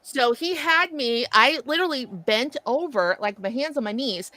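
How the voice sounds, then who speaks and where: Bright-voiced woman telling animated stories. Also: sits high, normal speed, no echo. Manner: animated storyteller, laughs often. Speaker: co-host. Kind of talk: casual chat, storytelling.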